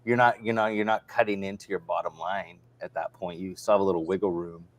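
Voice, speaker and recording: A man's voice: deep voice, fairly even intonation, fast talker. A man hosting a casual livestream chat, telling stories in a rambling way with many restarts. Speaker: host.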